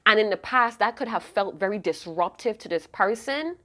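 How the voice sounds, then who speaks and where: A woman's voice: medium pitch, expressive, normal speed, a bit bright. A woman giving an intuitive tarot reading to camera, emotive and rambling, often breaking off mid-thought to restart. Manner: rambling, emotive, self-interrupting. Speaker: tarot reader.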